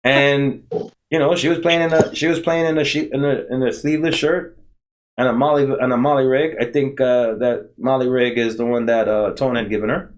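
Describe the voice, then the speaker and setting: A man's voice: mid-range voice, steady tone, normal speed. Rambling male podcast host. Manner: rambling, repeats himself, many fillers. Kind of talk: casual podcast chat.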